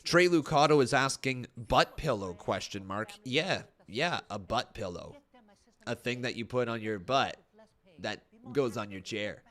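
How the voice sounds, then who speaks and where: A man's voice: mid-range voice, lively intonation, unhurried, fairly bright tone. A man casually reacting to wrestling on a live stream, reading chat messages aloud and rambling with frequent laughs. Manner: joking, laughs often.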